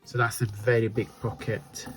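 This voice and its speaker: A man's voice: on the low side, little pitch movement, normal speed, faint music behind. A man hosting a casual crafting tutorial, chatty and self-deprecating as he talks while he works. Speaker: crafting channel host.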